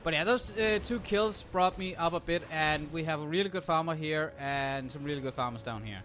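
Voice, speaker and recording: A man's voice: on the high side, fairly quick, a bit bright, soft background music. A young man commenting casually on his own gameplay, sarcastic and ranting, swearing freely.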